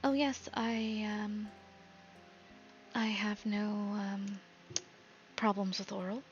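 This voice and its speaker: A woman voicing a mysterious female patron spirit who answers hesitantly, with many pauses and fillers, in a slightly dull lo-fi recording. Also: mid-range voice, little pitch movement, soft background music, lightly acted. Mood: evasive.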